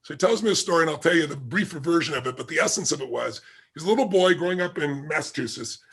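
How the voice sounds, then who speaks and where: A man's voice: a little high, expressive, fast, vocal fry, a bit bright, breathy edge. A man being interviewed as a guest, telling a story vividly and acting out the quoted dialogue. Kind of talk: animated anecdotal storytelling.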